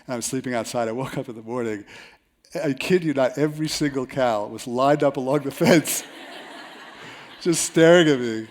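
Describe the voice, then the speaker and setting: A man presents a seminar to a large live audience. He mixes advice with animated, self-mocking stories. His voice sits at a mid pitch. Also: moderate pace, a little hiss or hum.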